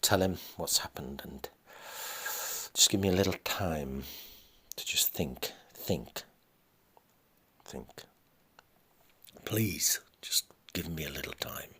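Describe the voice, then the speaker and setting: A man's voice: low-pitched, unhurried, a bit bright, breathy edge, full character voice. A man voicing a distraught middle-aged wife whose husband is leaving her, pleading and often breathless and whispered. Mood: weary.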